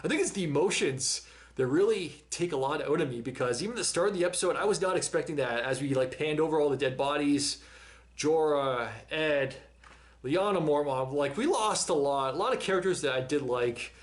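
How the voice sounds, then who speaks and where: A man's voice: a little high, animated, brisk. A man talking casually to camera after a TV episode, chatty, often repeating and restarting his words. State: out of breath. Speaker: reaction channel host. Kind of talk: casual reaction commentary.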